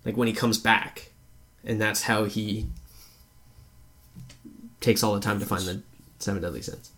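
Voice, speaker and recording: A man's voice: fairly low pitch, measured pace. A man co-hosting a casual movie review podcast, talking loosely, swearing and acting out scenes in raised voices. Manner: animated, acts out quotes in raised voices, swears freely. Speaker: podcast co-host.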